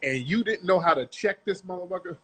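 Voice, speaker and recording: Man, middle-aged, husky and somewhat high-pitched, lecturing his audience in a blunt, profane rant about a clip. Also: fairly quick, bright, forceful tone. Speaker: commentator. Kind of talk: ranting commentary on a video clip.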